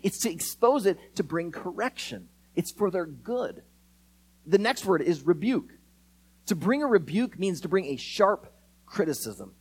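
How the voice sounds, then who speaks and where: A pastor delivers a sermon in an animated, expressive way, acting out the people in his stories. His voice sits high for a man and swings widely in pitch. It has a slightly husky grain. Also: measured pace, poor audio. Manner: animated, acts out quoted voices.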